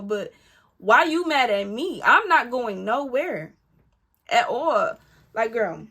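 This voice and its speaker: A woman vlogger spins a personal story in a casual, animated way, calling out to her audience and swearing freely. Her voice sits a little high and rings bright and forceful. She leans hard on the key lines. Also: a little slow. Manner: animated, emphatic, addresses listeners as y'all; candid and profane, talks back to her rival.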